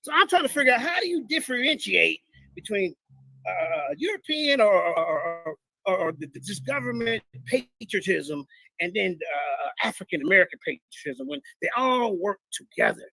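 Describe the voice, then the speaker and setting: A man's voice: high-pitched, very animated, moderate pace, gravelly, pushed and bright. A man streaming live commentary on debate clips, boasting and mocking his opponents while talking to his chat. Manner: boastful, mocking, repetitive, addresses chat as "y'all".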